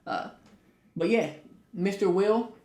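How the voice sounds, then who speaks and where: A man co-hosting a casual podcast, telling stories and rising loud for punchlines. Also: high-pitched, takes it slowly. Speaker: podcast co-host. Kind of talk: casual chat. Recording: echoey room.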